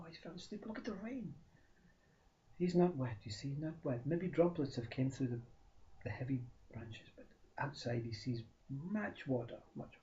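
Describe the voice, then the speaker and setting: A man telling a spiritual parable in animated bursts, often repeating words and dropping to a whisper. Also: medium pitch, normal speed. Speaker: spiritual storyteller. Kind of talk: storytelling talk. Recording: dull lo-fi recording.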